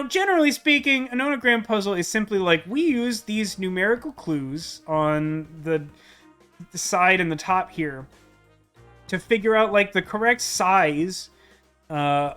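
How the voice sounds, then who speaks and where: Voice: medium pitch, lively intonation, measured pace, a bit bright, clean tone, soft background music. A streamer chatting casually and self-deprecatingly while playing a puzzle game, with many fillers. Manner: rambling, self-deprecating, lots of "like". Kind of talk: casual let's-play commentary.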